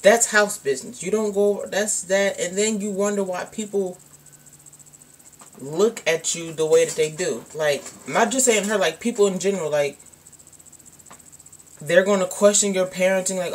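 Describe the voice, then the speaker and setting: A woman's voice: on the low side, normal speed. A young woman vlogger telling a personal story in a casual, rambling way, full of "like" and "um". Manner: rambling, candid, lots of "like" and "um".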